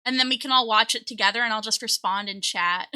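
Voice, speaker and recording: A woman's voice: on the high side, fast talker, bright, forceful tone. A young woman streaming as a VTuber, chatting casually with her viewers, giggly and flustered, teary and close to crying. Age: young adult. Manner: giggly, flustered, thanks chat often. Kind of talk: casual live-stream chat.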